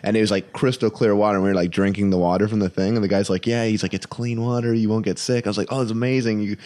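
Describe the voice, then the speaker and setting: A man's voice: fairly low pitch, steady tone, rapid-fire, darkish tone. A man, a comedian guest, telling stories in casual chat, acting out quotes with yelps and laughter.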